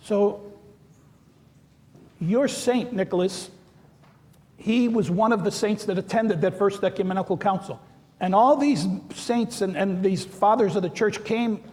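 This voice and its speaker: A male priest giving a sermon, telling stories with animated, acted-out quotes. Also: high voice. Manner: animated storytelling, acts out quoted voices. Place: large church. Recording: long church reverb.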